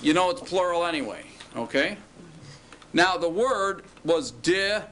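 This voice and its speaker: A man's voice: high-pitched, lively intonation, moderate pace, a bit bright. Patient male teacher quizzing a class. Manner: patient, asks students questions, stretches out words. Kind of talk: classroom lecture.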